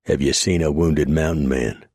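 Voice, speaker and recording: A man's voice: a bass voice, fairly even intonation, normal speed, darkish tone, slightly rough, no room sound, clean studio sound. A man voicing a domineering, contemptuous Roman centurion with a Southern US accent and a menacing drawl.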